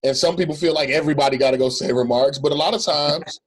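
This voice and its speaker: A man's voice: fairly high pitch, fast talker, husky. A middle-aged male pastor talking earnestly in a reflective conversation, repeating phrases for emphasis.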